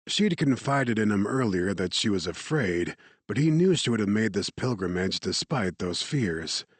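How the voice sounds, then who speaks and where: A man reading an audiobook in steady, measured narration. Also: fairly low pitch, no room sound.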